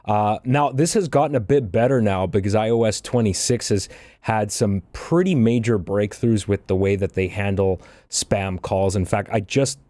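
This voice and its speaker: Casting: co-host with a low, mellow voice, stumbles and restarts, dry mic. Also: male voice, normal speed, dry recording. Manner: stammering restarts while explaining. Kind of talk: casual podcast chat.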